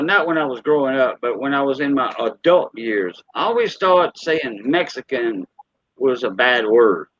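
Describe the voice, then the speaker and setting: A man's voice: medium pitch, fairly bright tone, no echo, dull audio. A man in his fifties with a Cajun accent, hosting a casual, rambling chat and laughing often. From Louisiana. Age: 50s. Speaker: host.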